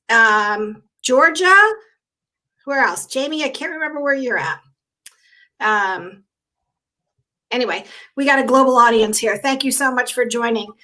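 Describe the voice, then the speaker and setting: An excitable woman hosting a casual live stream, talking into a computer mic on a video call. Her voice sits high and sounds bright and sharp. She greets viewers by name and gets emotional along the way. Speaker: host of a live online show.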